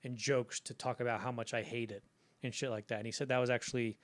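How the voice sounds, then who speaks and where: Telling film history stories casually, a man co-hosting a podcast speaks fast and animatedly, jumping into the voices of whoever he quotes. His pitch stays in a normal middle range, and the tone is loose and chatty.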